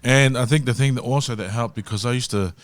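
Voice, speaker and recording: A man's voice: mid-range voice, quick pace. A middle-aged man, a worship singer guest on a podcast, talking earnestly and reflectively in casual chat. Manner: earnest, reflective, keeps saying "you know what I mean". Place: podcast studio.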